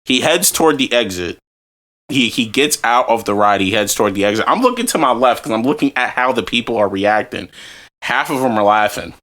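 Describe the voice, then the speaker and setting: Lively bright-voiced young man telling a story. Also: medium pitch, fairly quick. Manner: animated, profane, laughing storyteller. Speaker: podcast host. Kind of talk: casual storytelling chat.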